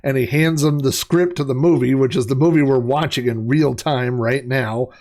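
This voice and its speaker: A man's voice: medium pitch, fairly even intonation, moderate pace, a little mellow. A man giving casual gameplay commentary, rambling and chatty, with many fillers and laughs at his own jokes. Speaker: let's play host.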